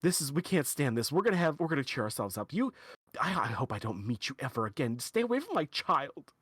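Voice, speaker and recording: A shrill, overprotective mother, as a game master puts her on, her voice pitched high and loud in a tabletop game. She scolds and threatens in frantic bursts. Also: very animated, fairly quick, husky, no room sound, clean studio sound. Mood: indignant.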